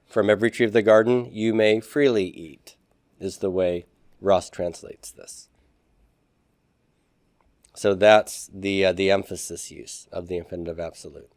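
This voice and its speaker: A man teaching a recorded grammar lecture, explaining step by step, spelling out Hebrew words slowly and often asking "okay?" to check in. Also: low-pitched, fairly even intonation, a little mellow, no room sound, studio quality.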